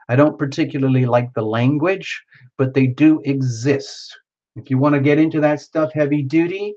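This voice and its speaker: A man's voice: mid-range voice, moderate pace, darkish tone. Rambling man on dull lo-fi audio. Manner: rambling, playful and teasing, with many fillers and restarts. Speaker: tarot reader hosting a live stream. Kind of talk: casual live-stream chat answering viewer comments.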